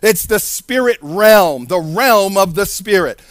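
A man's voice: sits high, animated, takes it slowly, no room sound. A man preaching a sermon in a sing-song cadence, acting out the voices in the story he tells.

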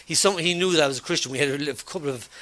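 This preacher races along in a fairly high voice, telling a personal story in a sermon. He keeps restarting his sentences and acts out the dialogue with animation.

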